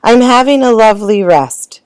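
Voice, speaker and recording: A woman voicing a weary, patient mother elephant who answers politely and gently in a storybook. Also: fairly high pitch, expressive, normal speed, no room sound, voice pushed up, lightly acted.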